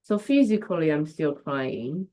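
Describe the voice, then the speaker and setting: Woman coach on a live stream, lowish voice, reflective, says hi to viewers by name. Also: animated, a little slow, mellow. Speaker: host and coach. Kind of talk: casual live-stream talk.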